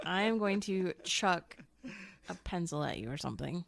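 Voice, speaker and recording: Casual woman book reviewer, teacher type, laughs a lot, slight vocal fry. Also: lowish voice, expressive, normal speed, fairly bright tone. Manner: chatty, laughs often, swears casually. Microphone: home microphone.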